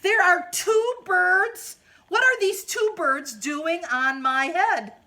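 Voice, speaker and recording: A woman voicing a big, nervous male elephant in a picture book, loud and alarmed. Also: medium pitch, takes it slowly, slight background noise.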